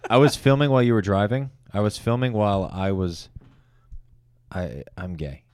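A man's voice: on the low side, moderate pace, a little mellow, smooth, no echo. A man hosting a podcast, rambling loosely in casual chat and tripping over his words. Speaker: comedian podcast host.

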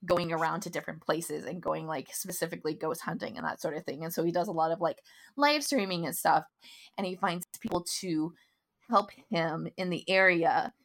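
A woman in her thirties with a fairly low voice co-hosts a casual podcast. She chats in long, rambling run-on stretches, piling one thought onto the next. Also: a little fast, a bit bright. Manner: chatty, run-on storytelling. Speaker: podcast co-host. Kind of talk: casual chat.

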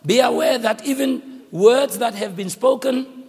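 High-voiced, gravelly preacher man in a reverberant hall. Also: a little slow. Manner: dramatic preaching, acts out dialogue with shouts. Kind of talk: sermon.

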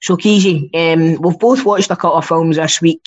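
A man's voice: on the high side, normal speed. A Scottish man co-hosting a podcast in casual chat, rambling and swearing freely. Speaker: podcast co-host. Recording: dull lo-fi sound.

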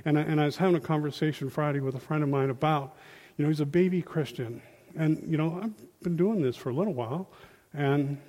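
A man giving an informal, animated sermon, acting out quotes in a folksy way, on a handheld mic in a church hall. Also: on the high side. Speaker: lay preacher. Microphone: handheld microphone. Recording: long reverb of a hall.

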